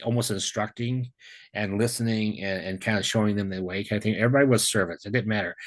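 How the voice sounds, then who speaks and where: Husky man telling an excited rambling story. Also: lowish voice. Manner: excited, rambling, with many restarts and slang like "dude". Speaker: guest sharing a near-death experience. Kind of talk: casual storytelling to a group. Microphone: video call.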